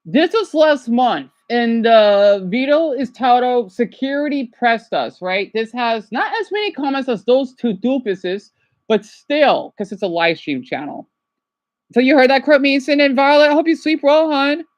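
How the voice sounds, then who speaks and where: A man livestreaming his reactions, rambling and agitated, dropping to quiet mutters and then yelling at someone off to the side. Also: very high-pitched, expressive, measured pace, dry recording, lo-fi sound. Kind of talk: casual livestream reaction chat.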